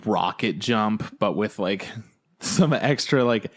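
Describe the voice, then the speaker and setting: Man, podcast co-host, low-ish voice, excitable, swears a lot, quick impressions. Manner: excitable, profane, acts out scenes in quick impressions. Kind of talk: casual chat.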